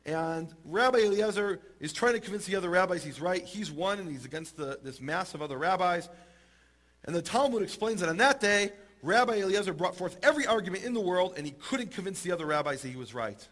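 A man telling a Talmud story in a lively, humorous way and acting out the characters. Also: sits high, a little fast. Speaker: teacher retelling a Talmud story. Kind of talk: animated storytelling talk.

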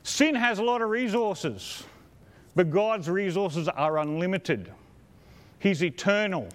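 A man's voice: high-pitched, lively intonation, unhurried. A man preaching a sermon with enthusiastic, admiring emphasis and chuckling asides.

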